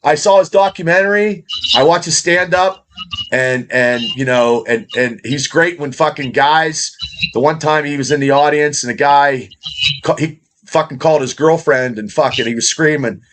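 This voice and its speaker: A man's voice: fairly high pitch, fairly bright tone. A middle-aged man co-hosting a podcast, talking casually with lots of swearing and rambling. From Indiana, USA. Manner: profane, rambling, fast. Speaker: podcast co-host.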